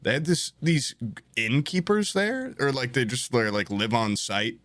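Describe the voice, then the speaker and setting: A man's voice: mid-range voice, expressive, measured pace, a bit bright, no echo. A young man telling a funny story on a podcast, laughing often and swearing as he talks. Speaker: podcast co-host. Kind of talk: casual comedic storytelling.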